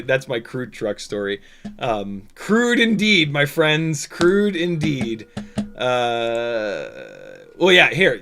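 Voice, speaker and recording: Young man, livestream host, animated storytelling, laughs a lot, mid-range voice. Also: medium pitch. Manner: animated, laughing, many restarts and fillers. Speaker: FPV drone pilot and stream host.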